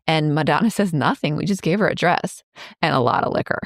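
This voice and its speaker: A woman's voice: sits low, a little fast, no echo, studio quality. A woman in her fifties co-hosting a podcast, retelling movie scenes in casual chat with lots of "like" and laughs. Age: 50s. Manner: chatty, many likes, laughs while retelling scenes. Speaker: podcast co-host.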